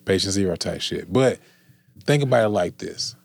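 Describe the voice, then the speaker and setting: A man in casual podcast chat, animated and profane, repeating himself. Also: low voice, normal speed, vocal fry, no room sound.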